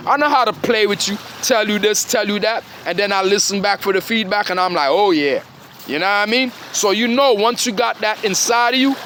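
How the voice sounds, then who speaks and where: High-voiced man ranting, confrontational and profane. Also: a bit bright, slight background noise. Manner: confrontational, profane, repeatedly says "dog" and "huh". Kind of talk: rambling monologue.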